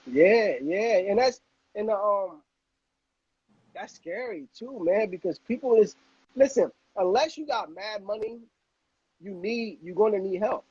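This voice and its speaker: A man hosting a casual chat, talking in an animated, rambling way with repeated words and street slang. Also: high-pitched, a little slow, breathy edge, no echo, highs cut off.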